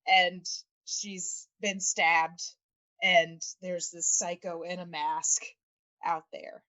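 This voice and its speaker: A woman's voice: on the low side, little pitch movement, drawn-out words, bright, forceful tone. A woman co-hosting a podcast, chatting casually and laughing often, with plenty of fillers. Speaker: podcast co-host.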